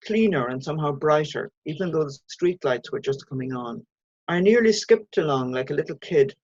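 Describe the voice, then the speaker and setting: A woman, an author reading her own short story aloud in a measured, even way. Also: sits low, husky, no echo, dull audio.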